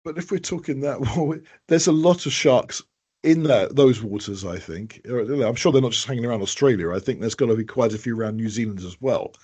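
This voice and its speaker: A man's voice: medium pitch, brisk, darkish tone, breathy edge. A man co-hosting a podcast, joking and rambling in casual chat, stumbling over his words. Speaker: podcast co-host.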